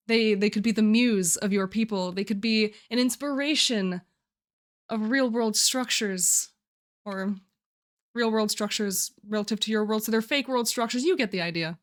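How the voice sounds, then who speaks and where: A woman's voice: medium pitch, unhurried. A young woman streaming live, chatting casually and giggling often as she walks through her writing challenge. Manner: chatty, giggly, restarts phrases.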